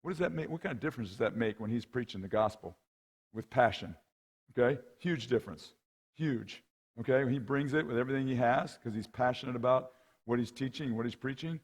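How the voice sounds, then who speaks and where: Husky-voiced middle-aged male coach speaking. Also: medium pitch, brisk. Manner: conversational, keeps asking "right?" and "okay?"; lively, acts out the people in his anecdotes. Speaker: guest speaker and rowing coach. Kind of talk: storytelling talk at a men's conference.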